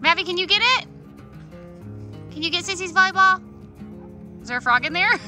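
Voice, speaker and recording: A woman's voice: extremely high pitch, a little fast, sharp tone, soft background music. A mother co-hosting a family vlog, chatting casually and reacting with exclamations.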